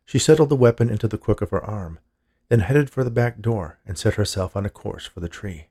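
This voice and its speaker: Gravelly low-voiced male horror narrator. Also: a little fast, warm tone.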